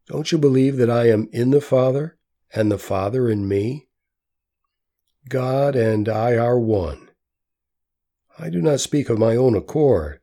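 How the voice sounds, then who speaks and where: A man voicing a gentle, solemn male teacher who speaks in a slow, measured way. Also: mid-range voice.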